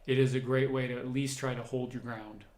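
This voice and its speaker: A man's voice: mid-range voice, flat delivery, a little fast, darkish tone, echoey room, a little hiss or hum. A man, a doctor, hosting a livestream Q&A, reading out viewer comments and answering them in a conversational, explanatory way. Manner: conversational, explanatory, thinks aloud while answering.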